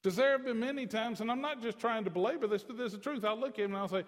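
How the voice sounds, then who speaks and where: A man's voice: extremely high pitch, racing, big-room sound. A man preaching a sermon to a congregation, with a conversational, joking manner. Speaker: pastor.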